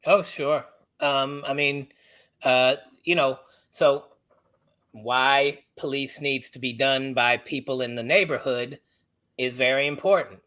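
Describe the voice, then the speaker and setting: A middle-aged man, an author from the United States, guest on a podcast, telling personal stories in an animated, halting way. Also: mid-range voice. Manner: animated, halting, acts out others' voices. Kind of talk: personal storytelling in a podcast interview.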